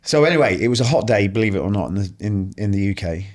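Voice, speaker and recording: A man, a podcast guest and author, telling animated anecdotes full of swearing and acted-out quotes. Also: on the low side, fast talker. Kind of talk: casual storytelling conversation.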